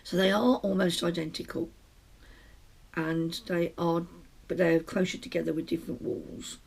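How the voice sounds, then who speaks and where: A gravelly, husky-voiced British woman chats her way through a crafting update, rambling and stopping to restart her sentences. She talks from a small shut room at home. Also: lowish voice, level tone, normal speed, darkish tone. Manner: rambling, chatty, self-interrupting. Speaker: podcast host. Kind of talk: casual knitting podcast chat.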